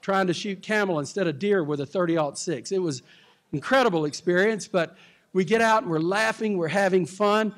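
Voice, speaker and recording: Man, pastor, lively storyteller, fairly high voice, laughs a lot. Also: normal speed. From Texas. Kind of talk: storytelling talk.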